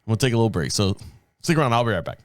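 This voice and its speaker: A man's voice: lowish voice, big pitch swings, very fast, no echo. Rambling middle-aged man, dry close sound. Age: 50s. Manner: rambling, self-correcting storytelling. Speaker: podcast host. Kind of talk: casual solo talk.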